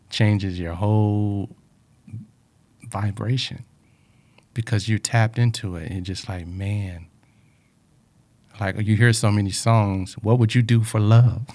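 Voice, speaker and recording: A man's voice: on the low side, a little mellow. A man in a reflective personal talk, speaking earnestly about life lessons and often repeating words, emotional with a drying throat.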